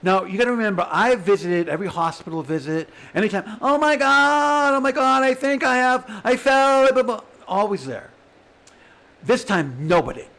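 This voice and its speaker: High-voiced man pouring out his story. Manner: swings between quiet and shouting, voices others in quotes. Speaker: vlogger telling his own story. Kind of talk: emotional personal monologue.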